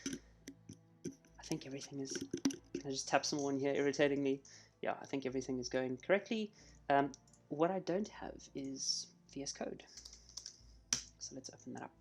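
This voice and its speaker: A man's voice: medium pitch, normal speed. Chatty man live-coding on stream. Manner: chatty, thinks out loud while working. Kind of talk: casual live coding walkthrough.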